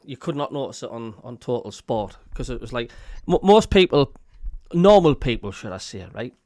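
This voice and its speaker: This podcast host speaks at medium pitch and a normal speed, recorded dry with clean studio sound. He has a Sunderland accent and tells stories animatedly on his casual show, laughing and quoting voices as he goes.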